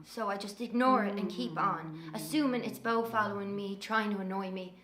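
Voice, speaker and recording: A woman's voice: medium pitch, a crowd in the background, lightly acted. An actress with an Irish accent playing a young woman haunted by her missing twin, telling her story as a dramatic monologue in an audio drama. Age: young adult. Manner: breathless storytelling, quick to anger.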